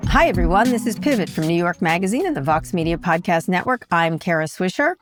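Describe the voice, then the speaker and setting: A woman's voice: fairly low pitch, lively intonation, brisk, faint music behind. A woman in her sixties co-hosting a podcast in a blunt, opinionated casual chat. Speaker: podcast co-host.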